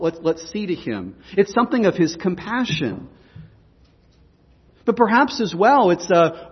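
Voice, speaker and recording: A man's voice: high voice, breathy edge, in a large hall, highs cut off. A man preaching a sermon in a church, explaining the text and putting questions to the congregation. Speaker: pastor.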